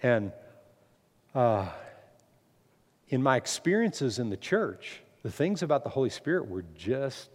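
A man preaching a sermon as pastor, emphatic, climbing to loud peaks and then dropping low. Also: big pitch swings, a little slow, pauses often, long reverb tail.

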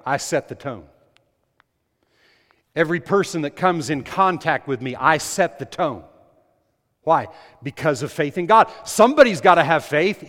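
A man preaches with an emphatic, repeating delivery, pressing on key phrases and then pulling back to quiet asides. His voice sits a little high for a man. A long reverb hangs on it, as in a large church hall. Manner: emphatic, repetitive preaching with rising volume. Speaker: pastor. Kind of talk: sermon.

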